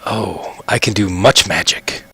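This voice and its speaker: A man's voice: low-pitched, a little slow, pushed and bright, slightly rough, heavily acted. A man voicing an eager, simple-minded male goblin cleric who talks in broken, clipped phrases.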